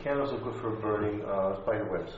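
A man's voice: lowish voice, a little fast, a little hiss or hum. A man in a class, making casual, practical comments. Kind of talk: class discussion. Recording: distant, echoey, dull room recording.

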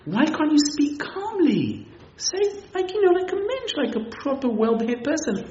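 A man's voice: very high-pitched, wildly swooping pitch, normal speed, a little mellow, a little hiss or hum, voice pushed up, exaggerated voice. A man voicing a wily old town rabbi who feigns ignorance and scolds mockingly. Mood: mock-reproachful. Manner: mock-reproachful, teasing. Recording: echoey, slightly muffled room recording.

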